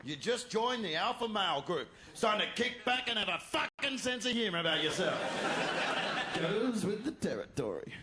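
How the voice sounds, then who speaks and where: High-pitched brash ranting stand-up man. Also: sing-song, normal speed, a crowd in the background. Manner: brash, crude, provocative ranting, often shouting. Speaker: stand-up comedian. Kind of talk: live stand-up routine. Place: stage before a live audience. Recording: roomy live venue with room noise.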